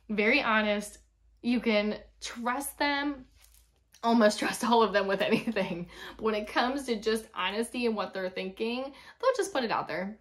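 A woman's voice: fairly high pitch, normal speed. Candid woman in her thirties vlogging. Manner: candid, chatty storytelling; frank and emotional. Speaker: former teacher, vlogger. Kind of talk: personal vlog.

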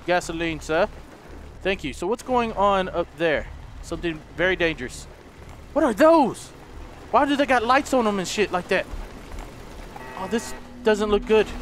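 A young man doing let's play commentary, excitable, yelping and swearing at the enemies he fights. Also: high-pitched, slight background noise. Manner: excitable, yelps and shouts at the game; swears, trash-talks enemies. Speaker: gaming YouTuber.

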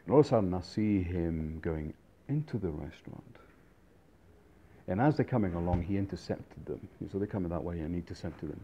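A man's voice: deep voice, expressive, brisk, warm tone, highs cut off, slight background noise. A middle-aged man casually telling a rambling anecdote with many fillers and restarts. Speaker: storyteller, restaurant industry veteran.

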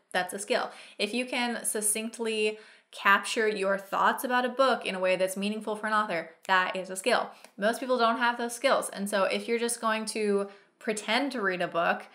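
A woman with a bright, forceful voice gives casual reaction commentary as a freelance copywriter. She is blunt and opinionated. She drives her points home by saying them again and again. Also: medium pitch.

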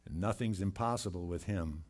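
A man preaching a sermon in a church, reading scripture and commenting with slow, earnest emphasis. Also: low-pitched, darkish tone. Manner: slow, earnest delivery with scripture read aloud and dramatic quoted cries. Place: church sanctuary.

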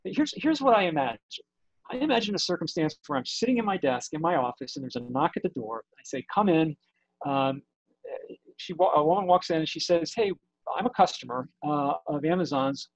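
A man's voice: a little high, animated, fast talker, no echo, low-quality recording. A middle-aged man, an executive, answering an interview question and acting out an imagined dialogue over a video call. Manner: acts out an imagined dialogue in shifting voices. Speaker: technology company executive.

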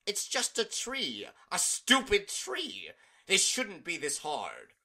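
A man's voice: mid-range voice, big pitch swings, unhurried, vocal fry, sharp tone, heavily acted. A man voicing an impatient, sulky male chaos spirit in a fan audiobook reading.

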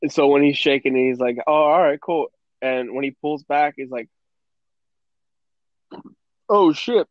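A young man co-hosting a podcast in casual chat, telling a movie plot in an animated, profane way and acting out quotes. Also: mid-range voice, moderate pace, no room sound. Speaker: podcast co-host. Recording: dry, dull lo-fi podcast audio.

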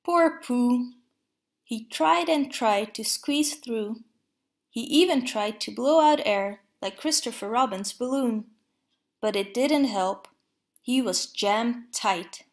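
A woman reading a children's storybook aloud, slow and clear. Her voice sits a little high and she takes each line gently and unhurried. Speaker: storybook reader. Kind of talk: read-aloud storybook narration.

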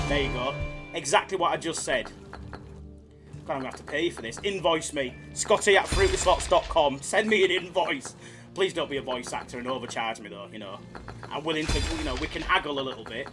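A man with a Yorkshire accent hosting a live slots stream, chatting and joking casually with viewers. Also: on the high side. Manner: chatty, jokey, laughs often.

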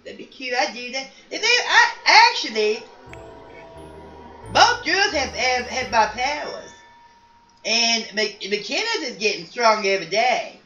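A woman's voice: on the high side, big pitch swings, measured pace, bright, forceful tone, full character voice. A woman voicing a chatty psychic grandmother in a life-sim game story, rambling and folksy with many restarts. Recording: roomy, distant, dull sound with faint noise.

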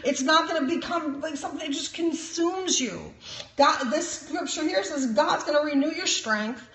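High-voiced woman preaching in an echoey room. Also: normal speed, fairly bright tone. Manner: emphatic preaching with frequent "praise God" and chuckles. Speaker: prophet and minister. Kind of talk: sermon-style teaching. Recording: roomy echo.

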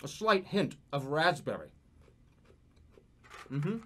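Man, streamer, casual livestream talk, profane, rambling, lively swooping pitch. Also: slow.

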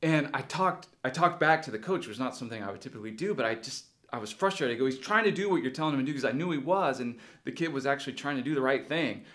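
A man's voice: mid-range voice, fast talker, few pauses, fairly bright tone. Earnest man telling a sermon story. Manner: earnest personal storytelling, rising with emotion. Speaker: pastor.

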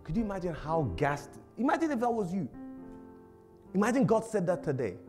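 A man preaching a sermon as a pastor, animated and humorous, laughing often and acting out little voices. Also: sits high, fairly quick, faint music behind. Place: church service.

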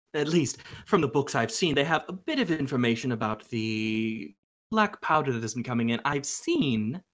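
Haughty, theatrical male artist creature with an animated, sing-song delivery; a man voices him. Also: mid-range voice.

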